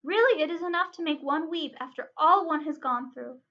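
A woman's voice: sits high, brisk, fairly bright tone, highs cut off. A woman voicing a worried male hobbit, thinking plaintively to himself in a storybook reading. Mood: fretful. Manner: worried, plaintive inner thoughts. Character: fretful grown male hobbit, gentle and homesick.

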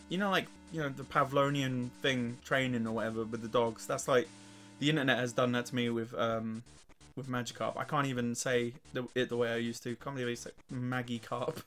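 An English man with a worn, weakened voice talks through a video game in a loose, profane way, chuckling and cursing at his opponents. His pitch sits in an ordinary middle range. Soft music plays faintly behind him. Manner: swearing, laughing, trash-talking the game. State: weak, worn voice. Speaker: let's play host. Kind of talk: casual gameplay commentary.

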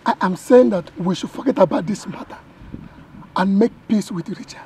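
A man's voice: high-pitched, moderate pace, warm tone, breathy edge, heavily acted. A man with a Nigerian accent playing an honest uncle who firmly accuses his brother. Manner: firm, accusing.

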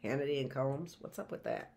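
A woman's voice: very deep voice, a little fast, mellow. A middle-aged woman teaching a live history lesson, reading from notes and breaking off into chatty asides and rhetorical questions.

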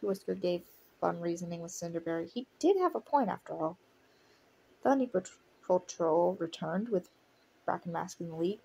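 A woman's voice: on the low side, gravelly, warm tone, slight background noise. A woman reading a fan story aloud, breaking off to laugh and react to it. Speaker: audiobook reader of a fan story. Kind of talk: casual reading with commentary.

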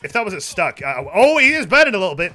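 A young man streams a shooter game, his high voice very animated, fast and sharp-toned, with a slight hiss or hum in the audio. His casual live commentary is full of profane joking banter and offhand rants.

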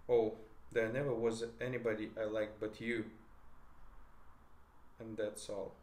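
A man's voice: fairly low pitch, flat delivery, a little mellow, close to an everyday voice. A man reading the lines of a shy, emotional young woman, in an echoey room. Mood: tearful. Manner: reads her lines close to his own voice, halting slips. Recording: echoey room, faint noise.

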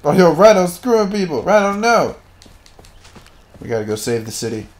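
A man giving goofy, crude gameplay commentary with sudden loud outbursts. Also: sits high, very animated, normal speed. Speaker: gaming channel host.

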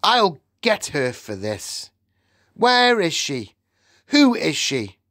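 A man voicing a loud-mouthed, greedy boy who has been turned into a mouse, blustering and shouting in an audiobook. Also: high voice, lively intonation, a little slow, no room sound, clean studio sound, voice pushed up. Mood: indignant.

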